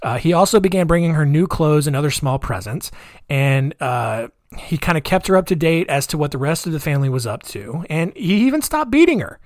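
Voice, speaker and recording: A man's voice: a little high, sing-song, brisk, a little mellow, no room sound, studio quality. A man hosting a solo podcast, telling a crime story casually with many fillers and offhand asides. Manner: conversational, with filler-heavy asides. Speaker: podcast host.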